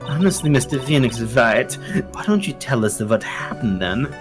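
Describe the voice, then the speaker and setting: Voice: medium pitch, lively intonation, normal speed, over music, close to an everyday voice. A streamer voicing a haughty young female prosecutor, scornful and demanding.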